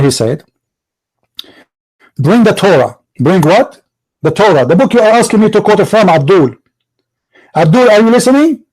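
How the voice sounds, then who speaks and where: A man's voice: on the high side, a little mellow, poor audio. A man hosting a heated religious debate, taunting with repeated rhetorical questions. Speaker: debate show host.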